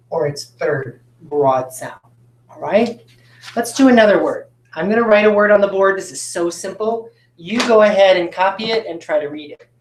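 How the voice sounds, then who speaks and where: Upbeat woman teacher, echoey room. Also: fairly low pitch. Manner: upbeat, talks straight to students with frequent checks like "right?". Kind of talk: recorded classroom phonics lesson. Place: classroom with a whiteboard.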